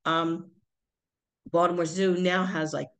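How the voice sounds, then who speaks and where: A woman's voice: fairly low pitch, flat delivery, slow pace. Older woman telling rambling family stories. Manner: rambling storyteller, many fillers and restarts. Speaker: podcast co-host, parent of the other speaker. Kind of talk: casual family chat.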